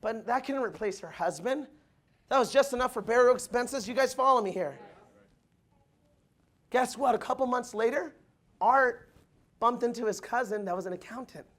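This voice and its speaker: Young male motivational speaker, high-pitched, punchy, keeps rallying the room. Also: normal speed, pauses often. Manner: energetic, addresses the crowd as guys, acts out quotes. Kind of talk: motivational business talk.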